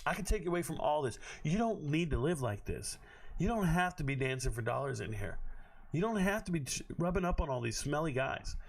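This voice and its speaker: Man doing a lovesick young guy, pleading, earnest, fast, slightly raised pitch. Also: lively intonation, creaky.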